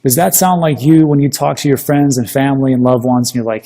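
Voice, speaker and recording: A man giving a chatty, energetic recap of a seminar in casual commentary, often restarting his sentences. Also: medium pitch, fairly quick. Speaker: crypto investing YouTuber. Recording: long reverb.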